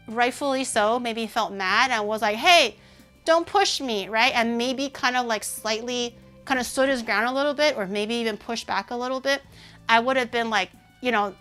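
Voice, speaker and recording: Female streamer, casual indignant chat, slightly high voice, faint background music. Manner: rambling, heavy use of "like", animated indignation.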